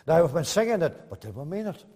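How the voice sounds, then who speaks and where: A man preaching a sermon, swinging between loud emphatic bursts and soft, hushed asides. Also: a little high, very animated, fast talker, breathy edge. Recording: long reverb in a hall.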